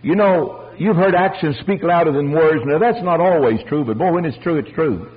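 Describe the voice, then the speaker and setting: An older man preaching a folksy storytelling sermon, animated and acting out the voices of the people in his stories. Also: a little high, normal speed, breathy edge, narrow, tinny audio. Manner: animated, acts out voices, chuckles.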